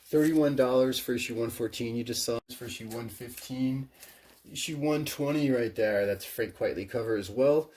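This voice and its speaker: A man's voice: medium pitch, moderate pace, darkish tone. A man with a Midwestern accent, chatting casually and enthusiastically about his comic book collection, slangy and profane, rambling with restarts. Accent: Midwestern American. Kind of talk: casual chat.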